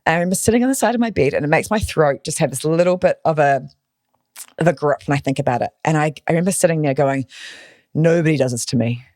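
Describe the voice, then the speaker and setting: A woman, a podcast guest, tells a personal story with animated, emotional energy. Her voice is dry and close to the mic. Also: low voice, quick pace, no echo. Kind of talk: storytelling in interview.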